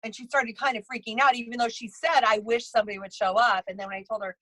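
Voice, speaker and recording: A woman's voice: fairly high pitch, fairly even intonation, quick pace, a bit bright, dry recording, rough recording. A woman who works as a psychic medium and bridal tailor, telling stories casually in an interview, rambling with many restarts and acting out other people's lines.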